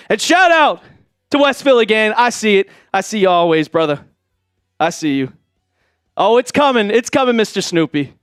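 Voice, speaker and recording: A man hosting a live sports stream, excitedly reading out donations and shouting, out of breath at times. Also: high voice, clean tone, dry recording, clean studio sound. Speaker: livestream host.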